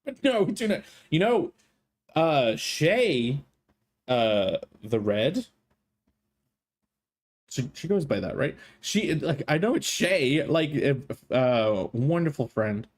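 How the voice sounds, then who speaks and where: A man's voice: a little high, sing-song, slow. A male streamer with a strained throat, chatting in a playful, jokey way and swearing freely. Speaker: streamer, host. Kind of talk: casual live-stream chat.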